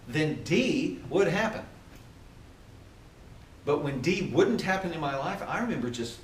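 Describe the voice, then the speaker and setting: Man leading a training session, animated, quizzes the audience, distant mic, roomy echo, faint hum. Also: fairly high pitch. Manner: animated, asks the audience questions. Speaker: workplace trainer. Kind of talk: motivational training talk. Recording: echoey room from far off.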